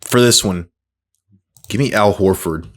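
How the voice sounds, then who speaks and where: A man talking casually to himself while playing a sports trivia game, thinking aloud, mocking his own mistakes and breaking into excited exclamations. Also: on the low side, measured pace, slight background noise. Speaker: gaming creator. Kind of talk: casual gameplay commentary.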